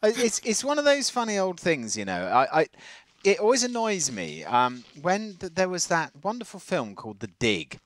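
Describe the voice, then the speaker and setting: A man with a slightly plummy southern English accent, co-hosting a casual countryside podcast, talking in an animated, rambling way. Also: high voice, moderate pace, dry recording. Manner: animated, rambling, laughs often. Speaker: podcast co-host. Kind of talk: casual chat.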